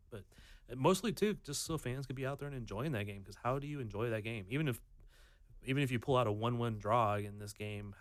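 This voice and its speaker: A man with a somewhat low voice talks through his view of a match. He often restarts and hedges as he thinks, and the sound is dry and close. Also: no room sound. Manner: hesitant, restarts and thinks aloud. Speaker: podcast co-host. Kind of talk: casual sports chat.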